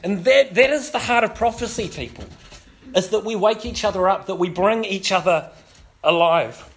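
A man's voice: high voice, moderate pace. A man, a pastor preaching a sermon full of self-deprecating stories and many fillers. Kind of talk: sermon with humorous storytelling.

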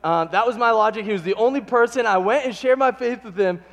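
Male pastor, lively storyteller, high-pitched, miked in a long-reverb sanctuary. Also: fast talker. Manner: animated storytelling, acting out quotes. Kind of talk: sermon. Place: church sanctuary.

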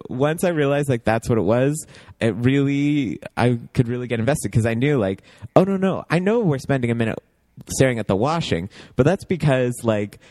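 A man's voice: on the low side, darkish tone, no room sound, studio quality. A man chatting casually about a TV show, rambling with lots of fillers and laughs.

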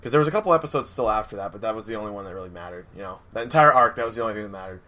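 A man's voice: lowish voice, rapid-fire, bright, forceful tone. A young man hosting a casual chat, rambling with lots of fillers and acted-out quotes.

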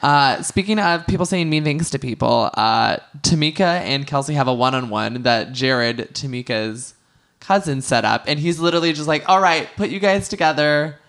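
A woman's voice: rumbling low, normal speed. A woman co-hosting a casual podcast, chatting about a reality show and acting out quotes with frequent restarts. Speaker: podcast co-host. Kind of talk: casual reality TV recap chat.

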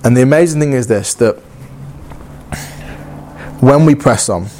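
A man's voice: medium pitch, measured pace, dark tone, a little hiss or hum. A man preaching a sermon in an earnest, conversational way, often acting out inner dialogue and repeating phrases.

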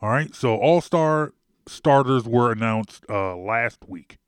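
A man's voice: mid-range voice, lively intonation, slow, clear, resonant tone, no echo, studio quality. A man hosting a casual sports podcast, emphatic and worked up, repeating himself for stress. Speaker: podcast host.

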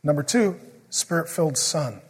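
A middle-aged man preaching a sermon, joking through family stories and turning quiet and earnest when he prays. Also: on the high side, lively intonation, normal speed, slightly rough. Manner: joking storyteller who turns quiet and earnest in prayer. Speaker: pastor. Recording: long hall reverb.

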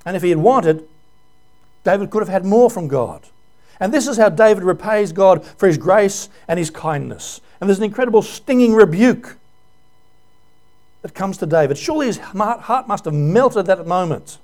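A man's voice: high voice, lively intonation, normal speed, darkish tone. A male pastor giving an earnest, emotional sermon full of rhetorical questions.

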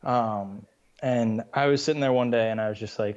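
A man's voice: fairly low pitch, fast, a little mellow. A man in his twenties from Massachusetts, a college athlete and guest who chats in a laid-back way, laughs often and uses fillers like "you know". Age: 20s. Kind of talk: casual interview chat. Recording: slightly dull, lo-fi sound.

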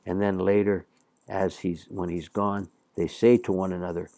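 A man's voice: low-pitched, level tone, mellow, dry recording. A man teaching a Latin lesson, patiently reading and translating passages with some fillers. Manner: slow, patient explaining with fillers.

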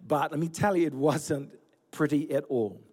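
A man in his forties, originally from Fiji, preaching a sermon as pastor with animated storytelling and self-deprecating humor. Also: a little high, moderate pace. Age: 40s. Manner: storytelling, animated, laughing at himself. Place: church.

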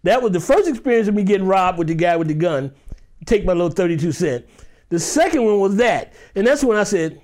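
A man's voice: high voice, very animated, fairly quick, a little mellow. A man from Detroit who is an actor, vividly telling a dramatic personal story and acting out the scenes. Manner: vivid, dramatic, acts out scenes with shifting voices. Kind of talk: animated storytelling anecdote.

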